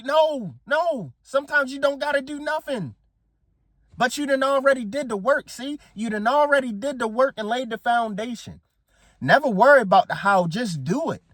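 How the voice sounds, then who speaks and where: A man's voice: very high-pitched, a bit bright, no echo, clean studio sound. A man giving a casual motivational talk as a coach, emphatic and preachy, who repeats his phrases for effect. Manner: casual, slangy speech. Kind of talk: motivational speech to camera.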